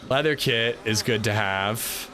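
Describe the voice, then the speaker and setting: A man casually commenting on his survival shooter game during a livestream, chatting with viewers and reacting out loud. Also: lowish voice, a little slow, a little hiss or hum. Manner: chatty, reacts loudly, talks to chat. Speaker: streamer playing a survival shooter.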